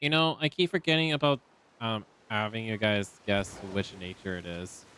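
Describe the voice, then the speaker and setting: With faint game music in the background and slight noise, a male streamer rambles casually into his desk mic, using many ums. His pitch is fairly low, yet his delivery is animated, bright, and forceful at a moderate pace.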